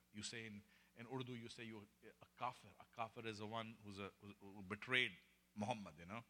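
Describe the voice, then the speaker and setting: A man preaching and telling testimony stories, swinging between hushed and loud, laughing often. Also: fairly low pitch, moderate pace, big-room sound. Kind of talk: sermon storytelling.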